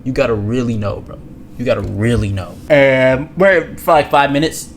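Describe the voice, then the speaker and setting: A young man telling a story from his own life as a streamer, rambling, slangy and repeating himself, sometimes dropping to a hushed low voice. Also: steady tone, normal speed, slight background noise. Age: young adult. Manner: drops to a hushed low voice for spicy parts. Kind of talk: casual storytelling.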